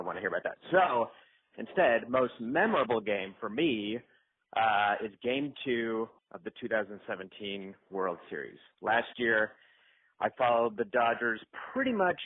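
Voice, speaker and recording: A man's voice: lowish voice, husky. A man leaving a voicemail, casually telling a rambling, self-deprecating story full of fillers. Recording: tinny phone voicemail line.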